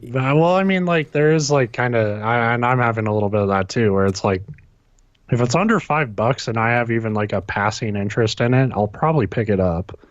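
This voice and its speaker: A man's voice: mid-range voice, fairly quick, no echo, muffled recording. A man co-hosting a casual gaming podcast who talks hesitantly, with lots of fillers and casual swearing. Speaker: podcast co-host.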